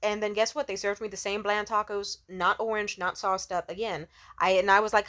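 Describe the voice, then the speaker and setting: A woman's voice: fast talker, pushed and bright. A woman telling a story in a casual rant, swearing freely and acting out what people said in raised voices. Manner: profane, exasperated, acts out quotes in high voices.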